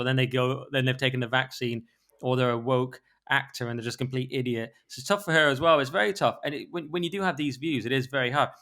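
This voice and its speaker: A British man talking quickly in a bright, forceful voice, opinionated and chatty. He jumps between his own voice and quick impressions of others as he co-hosts a podcast. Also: medium pitch. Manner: fast, animated, acts out voices of others. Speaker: podcast co-host. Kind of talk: casual opinionated chat.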